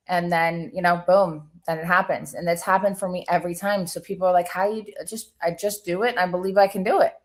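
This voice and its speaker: A woman hosting a casual webinar conversation, chatty and enthusiastic, affirming her guest as she talks. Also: lowish voice. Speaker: webinar host.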